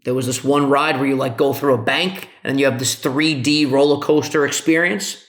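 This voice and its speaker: A young man, a podcast co-host, telling an excited story in casual chat, swearing a lot. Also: mid-range voice, fairly quick. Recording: echoey room.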